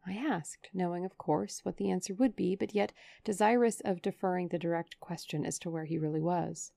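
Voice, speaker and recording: A woman narrating a classic novel in a measured, expressive reading into a studio microphone. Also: fairly low pitch, creaky, no room sound. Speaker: audiobook narrator. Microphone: USB studio microphone.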